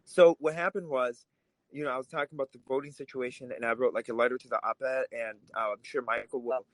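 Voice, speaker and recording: A man's voice: mid-range voice, fairly even intonation, quick pace, fairly bright tone, no echo, poor audio. A man who grew up in Russia, co-hosting a political podcast, talking in a heated, emphatic way. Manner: fired up, emphatic, swears when angry. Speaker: podcast co-host.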